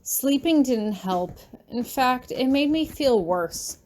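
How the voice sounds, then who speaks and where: A woman reading her fan fiction aloud in the first person, soft and anxious in tone. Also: high voice, expressive, slow pace. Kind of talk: first-person audiobook narration.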